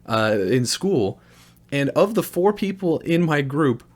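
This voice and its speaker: A man's voice: a little high, big pitch swings, slow pace. A young man hosting a gaming video, giving a sarcastic, profane, exasperated rant review. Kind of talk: ranting game review.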